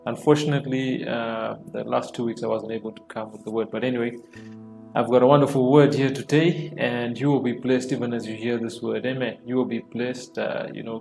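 A man preaching an informal online sermon, repeating phrases and dropping in frequent amens, slowing down to stress key lines. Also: medium pitch, creaky. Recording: echoey room with soft worship music.

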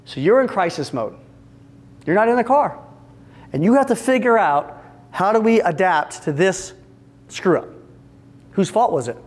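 High-voiced man giving a lively seminar. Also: normal speed, pauses often. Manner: energetic, joking, addresses the audience directly and acts out little scenes. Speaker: seminar speaker for fence company owners. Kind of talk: business seminar talk. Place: retreat event room with a live audience.

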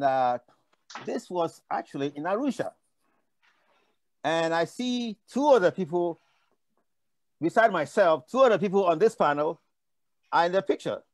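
An older African man on a conference panel tells impassioned, rambling stories, often restarting his sentences and digressing. His voice is fairly high, and there's no echo.

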